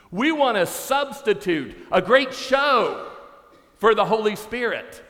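A man delivers a dramatic sermon from a church stage. His high voice moves between hushed asides and ringing shouts. A long reverb from the big room follows him. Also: big pitch swings, slow. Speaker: pastor.

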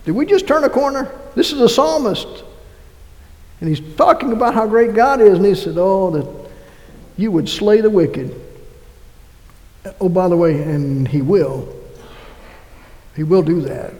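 A man preaching a sermon as pastor, reading scripture aloud in an animated way. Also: high voice, moderate pace, long pauses, big-room sound, rough recording. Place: church.

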